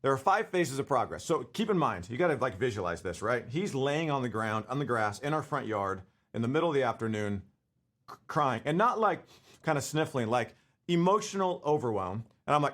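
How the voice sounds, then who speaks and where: A man's voice: mid-range voice, very animated, a little fast, a bit bright. A man in his forties giving a casual leadership talk to camera, conversational and full of fillers and restarts. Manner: conversational, full of fillers and restarts, laughs while telling stories.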